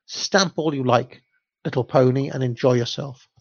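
A man doing a hoarse, stern old witch woman. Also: medium pitch, steady tone, moderate pace, dry recording. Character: stern old magic woman picking blackberries. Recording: dull lo-fi dry recording.

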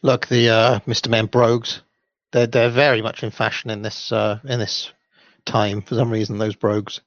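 A man's voice: fairly low pitch, little pitch movement, moderate pace, no room sound, dull audio. A man hosting a stream, rambling through commentary with frequent restarts and reading a children's book aloud. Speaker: livestream host.

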